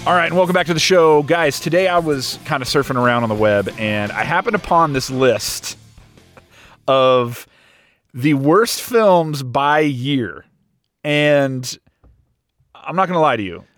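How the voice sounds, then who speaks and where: A man's voice: fairly high pitch, measured pace, faint music behind. A young man hosting a casual comedic podcast, introducing segments in a jokey way. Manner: animated, jokey, runs the segments. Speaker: podcast host.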